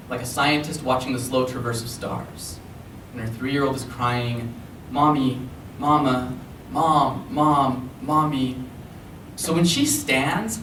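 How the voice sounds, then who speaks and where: A man performing slam poetry at a live reading, with an expressive, rhythmic delivery and chatty asides between poems. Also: fairly high pitch. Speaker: poet. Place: library event room. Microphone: recorded from a distance. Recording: echoey room from far off, faint background noise.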